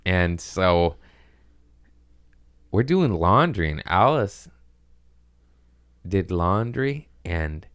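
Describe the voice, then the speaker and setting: A man in his thirties hosting a podcast, telling rambling, crude comedic stories and slipping into quick put-on voices. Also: deep voice, big pitch swings, a bit bright, no echo. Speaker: podcast host. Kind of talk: casual comedic chat. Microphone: studio podcast mic. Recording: dry close studio sound.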